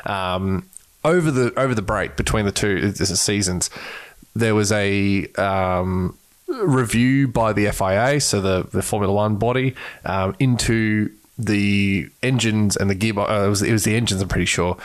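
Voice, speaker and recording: A man's voice: lowish voice, normal speed. A man co-hosting a podcast, chatting casually, rambling and swearing as he retells events with animation. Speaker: podcast co-host. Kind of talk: casual chat.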